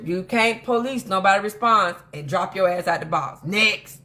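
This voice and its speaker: A woman hosting a casual commentary monologue, telling stories in an animated, emphatic way that rambles with frequent restarts. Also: medium pitch, fairly quick, few pauses. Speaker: host of a drama commentary channel.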